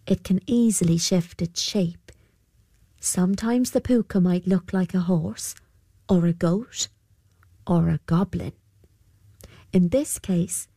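Woman storyteller, folktale narration, slow pace, dry close sound. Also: on the low side, dark tone, dry recording. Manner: measured, storybook telling.

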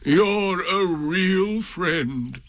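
A man voicing a gloomy old grey male donkey in a storybook reading, drawing out every word in a slow, dragging, sighing way. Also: high-pitched, animated, a bit bright, dry recording, pitched above the performer's own voice, heavily acted.

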